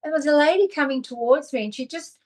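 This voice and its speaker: A woman's voice: sits high, fast, darkish tone. A woman, a guest on a video call, telling a personal story candidly with emotion and restarts. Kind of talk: casual video-call interview.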